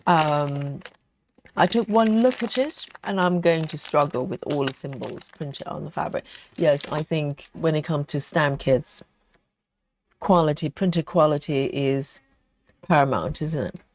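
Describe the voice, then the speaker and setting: A woman's voice: low voice, a little slow. A woman hosting a live cross-stitch stream, reading viewer comments aloud and chatting back while she stitches and eats chocolate. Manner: chatty, reads comments aloud and answers them.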